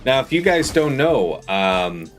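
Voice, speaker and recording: Male streamer host, lively pitch, casual chat, faint music under. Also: measured pace. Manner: animated, chatty while gaming.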